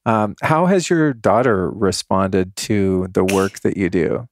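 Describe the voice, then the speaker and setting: A man's voice: deep voice, slow, a little hiss or hum. A man hosting a podcast, asking questions and thinking aloud in a reflective, casual way. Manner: reflective, thinks aloud with many "you know"s. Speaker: podcast host.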